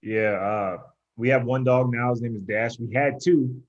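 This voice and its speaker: A man's voice: medium pitch, fairly even intonation, normal speed. Rambling young man, muffled audio. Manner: rambling storyteller, heavy use of "like", acts out voices in quotes. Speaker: pro baseball pitcher, podcast guest. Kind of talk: casual chat.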